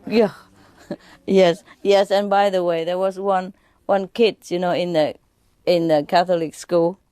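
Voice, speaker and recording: With a mellow, fairly low voice and fairly even intonation, a woman who teaches spirituality entertains an audience with jokes. She takes her time, frequently restarts her phrases, and laughs at her own punchlines.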